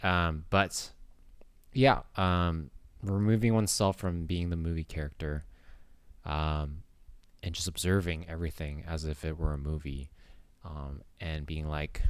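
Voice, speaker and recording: A man's voice: extremely low pitch, steady tone, measured pace, clean tone, no echo. A man vlogger talking in a casual, rambling monologue with many hesitations.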